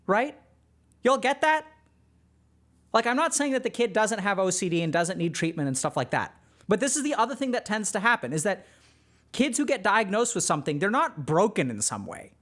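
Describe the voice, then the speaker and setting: This is a psychiatrist talking through a TV show for an online audience. The delivery is explanatory, and the speaker keeps turning to the viewers to check that they follow. The voice sits at a middle pitch. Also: a bit bright. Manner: explanatory, addresses viewers directly. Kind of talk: reaction commentary on a TV show.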